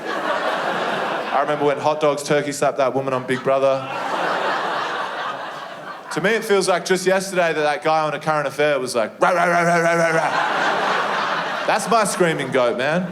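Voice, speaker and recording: A young Australian man on a comedy stage, his voice sitting a touch high and full of animated energy as he swears his way through a story. The live recording carries clear audience laughter and room noise behind him. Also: normal speed, long pauses. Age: young adult. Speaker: stand-up comedian. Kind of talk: stand-up comedy set.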